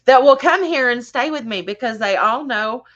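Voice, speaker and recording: A woman musician on as a guest, chatting in a friendly, laughing way, now and then stumbling over her words. Her voice sits fairly high and moves a lot. Her sound comes through a dull, slightly muffled line. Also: animated. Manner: warm, laughing, a bit halting. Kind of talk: casual chat.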